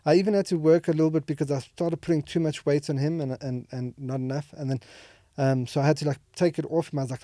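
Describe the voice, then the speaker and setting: Brief: higher-voiced man, mellow dry sound, rambling open-hearted podcast guest. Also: fairly even intonation, fast talker, few pauses, no room sound. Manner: rambling, many fillers and restarts. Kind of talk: candid emotional conversation. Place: podcast studio.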